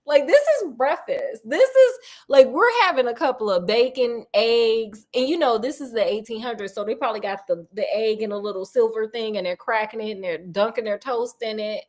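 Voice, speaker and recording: A woman's voice: fairly high pitch, moderate pace, few pauses, a little mellow. A woman hosting a storytelling show, retelling a classic detective tale in a chatty, slangy, digressive way. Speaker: storytelling host.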